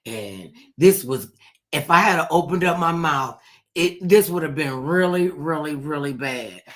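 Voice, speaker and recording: A man telling a childhood story in a relaxed chat, lively and at times dropping into a hush. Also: fairly high pitch, unhurried. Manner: animated storyteller, drops into a hush at times, Southern-tinged vernacular.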